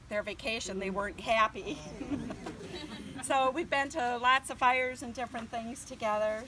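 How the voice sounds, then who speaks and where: A woman's voice: fairly high pitch, background noise. An older woman giving a casual, nervous speech at her book launch party, thanking family and friends with lots of ums. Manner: chatty and nervous, with frequent um and laughs.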